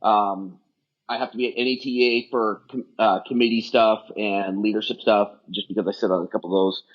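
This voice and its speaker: A man's voice: on the low side, fairly even intonation, brisk. A man talking as a podcast guest, telling loose, rambling stories with lots of fillers. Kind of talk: casual chat. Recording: dull lo-fi sound.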